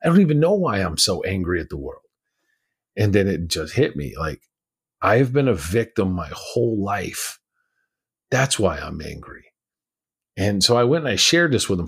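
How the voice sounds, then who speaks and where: A man's voice: lowish voice, slightly rough. A man on a podcast, telling his personal story in a candid, emphatic way. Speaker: podcast guest.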